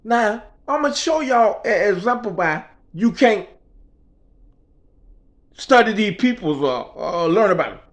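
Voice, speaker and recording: A man's voice: sits high, animated, measured pace, pauses often, fairly bright tone. A man telling a story in a casual rant, emphatic and profane, in street vernacular. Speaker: vlogger.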